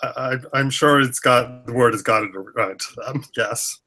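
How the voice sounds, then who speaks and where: A man playing a tabletop game, stammering and halting as he talks. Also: mid-range voice, sharp tone. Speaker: player. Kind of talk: casual tabletop play.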